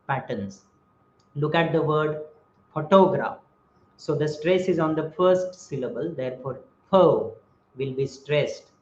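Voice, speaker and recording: A man gives a webinar lecture on communication and voices example sentences to show rising and falling tones. His voice sits a little high, and it is heard through a dull, echoey computer mic with faint noise behind. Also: darkish tone. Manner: explanatory, gives spoken examples of intonation. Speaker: webinar speaker on communication skills. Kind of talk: lecture on speaking and body language.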